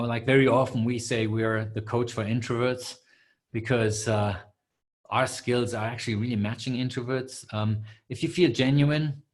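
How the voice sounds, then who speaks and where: A man hosting a live webinar Q&A as a coach, answering questions with many fillers and restarts. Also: mid-range voice.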